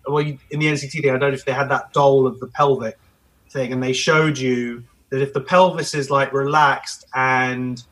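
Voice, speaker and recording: A man's voice: mid-range voice, steady tone, moderate pace, a bit bright, low-quality recording. A man, a comedian, talking as a podcast guest in a blunt, emphatic, storytelling way. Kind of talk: podcast conversation.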